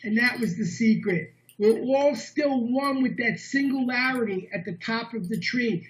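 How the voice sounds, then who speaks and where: High-voiced man telling a story. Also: a little slow. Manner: animated, earnest storytelling. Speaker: guest speaker. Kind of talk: storytelling talk. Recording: dull lo-fi online meeting audio.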